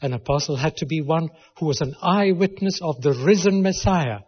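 Guy preaching, reads scripture and punches key words, slightly high voice, husky, lo-fi echoey hall. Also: normal speed. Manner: reads scripture aloud, rising and emphatic at key phrases. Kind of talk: sermon. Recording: lo-fi recording with long hall reverb.

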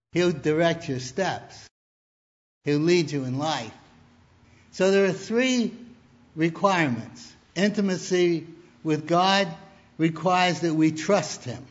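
Male preacher, slow deliberate sermon delivery, lo-fi muffled sound. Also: fairly high pitch. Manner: deliberate, storytelling with humor.

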